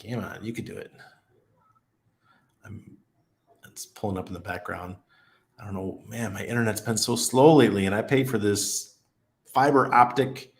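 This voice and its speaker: A man's voice: fairly low pitch, fairly even intonation, moderate pace, creaky, long pauses. A middle-aged man hosting a casual crypto live stream, chatty and laid-back, often laughing as he reads the chat aloud. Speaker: crypto livestream host.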